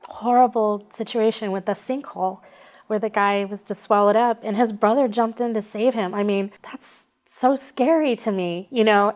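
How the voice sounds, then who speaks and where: A woman animal welfare advocate in an interview, telling her story in a lively way and acting out her own thoughts. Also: mid-range voice, rough recording. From Nevada.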